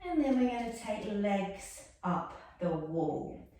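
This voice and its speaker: A woman's voice: mid-range voice, lively intonation, slow, dark tone, a little hiss or hum. A woman guiding a yoga class, soothing and chatty, with self-mocking asides. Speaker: yoga instructor. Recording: echoey room, mic far off.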